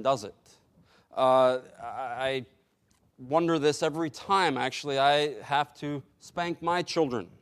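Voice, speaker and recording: A man preaching a sermon in a slow, deliberate way, pausing for emphasis. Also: medium pitch. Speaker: pastor.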